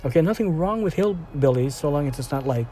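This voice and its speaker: A man's voice: on the high side, lively intonation, brisk, warm tone, a little hiss or hum. Rambling man reviewing a film. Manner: rambling, full of fillers and restarts. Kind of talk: casual spoken film review.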